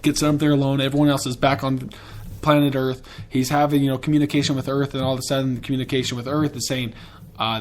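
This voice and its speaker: A man's voice: mid-range voice, little pitch movement, quick pace, slight background noise. A man hosting a podcast in a casual, rambling and profane way, with enthusiastic tangents. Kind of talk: casual chat.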